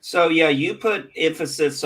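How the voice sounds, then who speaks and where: A man's voice: fairly high pitch, unhurried, fairly bright tone. A man from the United States in casual chat, curious and rambling, restarting his sentences often.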